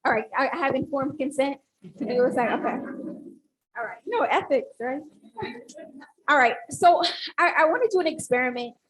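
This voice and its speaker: A woman's voice: high voice, normal speed, pauses often, slight background noise, rough recording. A woman academic speaking on a panel, talking with animation and leading the audience through an exercise. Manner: animated, instructive, audience-engaging.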